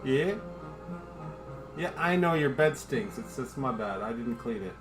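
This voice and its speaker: Music plays in the background as a man with an animated mid-range voice talks a little slowly on his home livestream. He drinks, swears freely, jokes about himself, rambles, and speaks to his dog.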